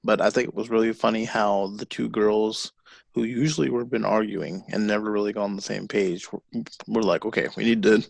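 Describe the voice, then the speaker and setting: A man co-hosting a podcast, retelling comic book scenes in a lively, animated way. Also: fairly low pitch, a little fast, gravelly, dry recording. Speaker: podcast co-host. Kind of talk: casual chat about a comic.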